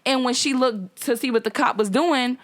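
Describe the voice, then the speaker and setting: Young woman, podcast co-host, slightly high voice, animated storyteller in casual chat. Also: moderate pace. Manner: animated storytelling, acts out voices in her retelling. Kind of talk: casual chat among friends.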